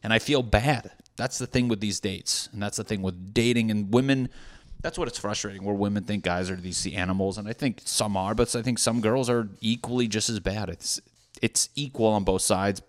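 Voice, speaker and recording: Thirties male podcast host, slightly low voice, casual and profane, self-deprecating rambler. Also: normal speed. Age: 30s.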